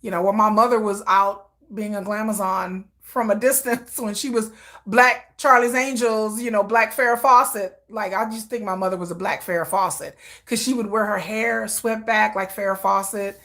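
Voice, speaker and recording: A woman's voice: mid-range voice, fairly even intonation, moderate pace, fairly bright tone. Chatty woman telling a rambling story. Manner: rambling, laughs often, acts out quoted voices. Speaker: livestream host. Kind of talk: casual storytelling chat.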